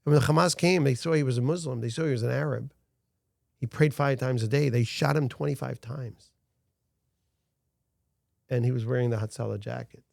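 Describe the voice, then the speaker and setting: Middle-aged male guest, gravelly, earnest storyteller, dry close sound. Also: medium pitch, a little fast, long pauses, darkish tone, dry recording. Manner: earnest storytelling, frequent restarts. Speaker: guest, founder of a rescue organization. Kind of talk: casual interview talk.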